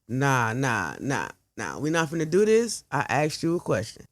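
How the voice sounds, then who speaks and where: Woman voicing a quiet, controlled betrayed woman. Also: extremely low pitch, huge pitch swings, moderate pace, no room sound, exaggerated voice.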